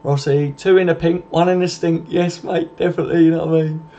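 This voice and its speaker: A man's voice: fairly high pitch, fairly even intonation, a little fast, warm tone, lo-fi sound. A man hosting a live stream, reading comments aloud and bantering in a laddish, swearing, jokey way.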